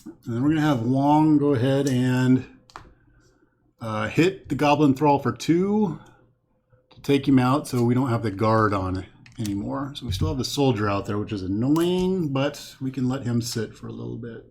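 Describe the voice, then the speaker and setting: A man plays through a card game on his own and talks every move out loud as he goes. He counts cards one by one and weighs his choices as he thinks aloud. His pitch sits in the middle range for a man. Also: normal speed, gravelly. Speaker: host playing a card game. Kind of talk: casual solo card game playthrough commentary. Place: home setup with a green screen.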